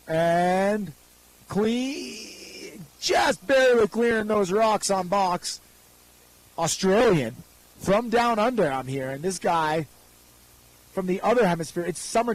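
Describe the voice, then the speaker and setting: An upbeat male announcer calling a live freeride ski contest with quick, joking play-by-play. His voice sits high for a man. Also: no echo, poor audio. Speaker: event announcer.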